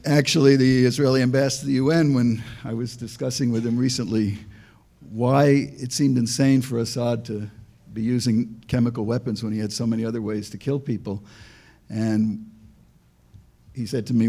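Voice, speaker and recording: A man's voice: medium pitch, steady tone, moderate pace, warm tone. An older man and former diplomat giving a public talk, telling dry jokes and anecdotes with frequent restarts. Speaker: panel speaker, former diplomat.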